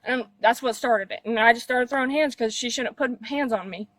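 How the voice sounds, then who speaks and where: A nineteen-year-old woman tells a police officer about a fight, emphatic and upset, with blunt swearing. Her voice sits on the high side and sounds dry, caught outdoors on an officer's body camera. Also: brisk, a bit bright, no room sound, poor audio. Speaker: witness in a police call. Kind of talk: agitated recounting of a fight. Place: outdoors at a residence.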